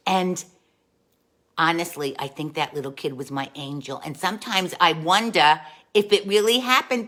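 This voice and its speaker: A woman's voice: lowish voice, a bit bright. A woman playing a chatty aunt. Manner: chatty, greets viewers, calls them dolls. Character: warm chatty Italian-American aunt, jolly and gossipy. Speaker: comic host. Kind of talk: live-stream storytelling in character.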